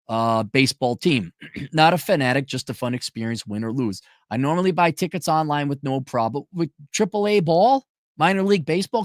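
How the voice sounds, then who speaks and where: A man's voice: medium pitch, dry recording, studio quality. A man ranting sarcastically and with exasperation as he reads out and mocks a viewer's letter in a commentary video. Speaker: commentary vlogger.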